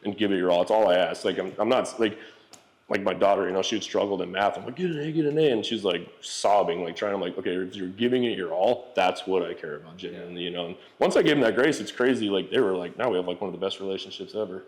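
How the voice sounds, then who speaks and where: A man's voice: sits low, quick pace. A man in his forties, a podcast guest telling candid stories in a casual, profane way, full of fillers like "like" and "you know". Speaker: real estate entrepreneur guest.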